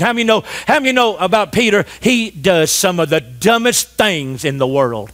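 High-voiced man preaching a rhythmic sermon. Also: expressive, normal speed, hardly any pauses, a bit bright. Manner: rhythmic call-and-response preaching, repeating phrases; urges the congregation to answer aloud. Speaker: pastor.

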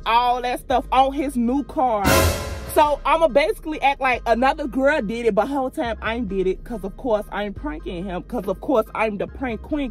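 A woman hosting a prank vlog, chatting to her viewers in a lively, slangy way. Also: sits high. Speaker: vlogger, prank channel host. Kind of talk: casual vlog talk to camera. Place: outdoors by a car, later.

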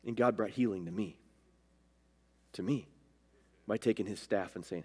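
Here the preacher sits on the low side, with a warm, slightly rough voice and a moderate pace. He stresses his points by lifting and lowering his pitch, recorded amid the lingering echo of a church hall.

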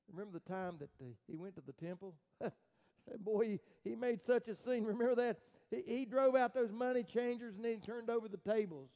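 A man preaching a sermon as the pastor, telling a story dramatically with frequent halting restarts, swinging from loud outbursts to hushed murmurs. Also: high voice, rough recording.

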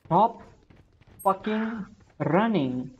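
A young woman, live-streaming games and chatting casually, excitable and swearing at the game. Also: mid-range voice, very slow, dull audio, a little hiss or hum. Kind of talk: casual live-stream chat while gaming.

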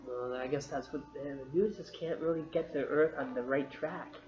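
A man's voice: medium pitch, steady tone, moderate pace. A man co-hosting a casual chat in a coffee shop, throwing in playful jokes and questions. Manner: joking, asks playful questions. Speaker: co-host. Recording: roomy lo-fi sound, faint music.

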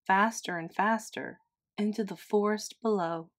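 Slow, gentle woman reading a picture book aloud. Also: medium pitch. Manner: gentle, expressive storytelling. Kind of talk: children's storybook read-aloud.

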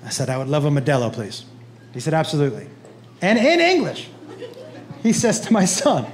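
High-voiced man doing stand-up. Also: slight background noise. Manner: animated, acts out his son and others in quick voices. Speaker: stand-up comedian. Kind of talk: stand-up comedy storytelling. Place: comedy club stage. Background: audience laughter.

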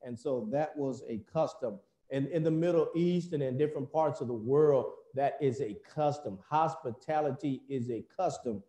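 An American man preaching a sermon in a church, telling the story in a folksy, animated way with many fillers. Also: medium pitch, moderate pace, hardly any pauses, roomy sound. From United States.

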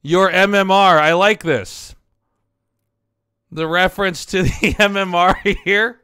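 A man's voice: high-pitched, steady tone, takes it slowly, pushed and bright, clean tone, no room sound, studio quality. A man in his thirties on a headset, casually commenting on fan drawings, laughing often and swearing now and then. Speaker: streamer reviewing fan drawings.

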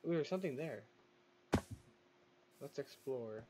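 A man's voice: medium pitch, lively intonation, a little slow, heavy background noise. A man giving casual gameplay commentary, chatty, talking back to the game's creatures and laughing now and then. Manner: chatty, talks to the game's mobs, exclaims and laughs.

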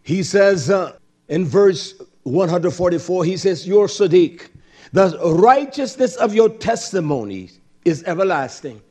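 A man preaching a sermon, quoting and expounding scripture, swinging from shouted high exclamations to low murmurs. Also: lively intonation, husky. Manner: quotes and expounds scripture, drawn-out emphatic words.

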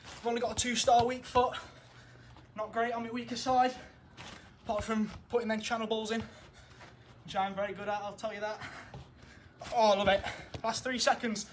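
Speaking a little fast, a breathless high-voiced young man coaches a football session in his garden outdoors. Steady encouragement and drill countdowns fill the clip, with a faint hum of the outdoors on the camera mic.

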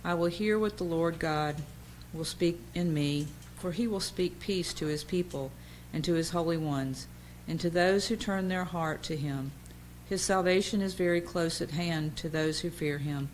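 A woman with a very low voice reads psalms in a steady liturgical way. A faint hiss sits under the church recording. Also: normal speed, low-quality recording. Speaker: reader.

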